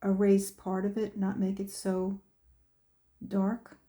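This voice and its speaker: Woman, art lesson host, slow, mellow, chatty, talks to herself. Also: medium pitch, monotone. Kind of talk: painting demonstration.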